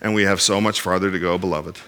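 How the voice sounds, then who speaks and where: A man's voice: sits low, fairly even intonation, fast, fairly bright tone. A man preaching a sermon as pastor, earnest and direct with the congregation, often restarting his phrases. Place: church in Inverness.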